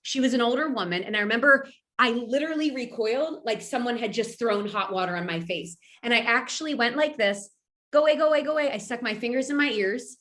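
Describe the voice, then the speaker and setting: A woman's voice: fairly high pitch, brisk, few pauses, sharp tone. A middle-aged woman from Philadelphia, a medium talking casually as a guest, with many fillers and restarts. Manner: chatty, lots of fillers and restarts. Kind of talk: casual interview answers.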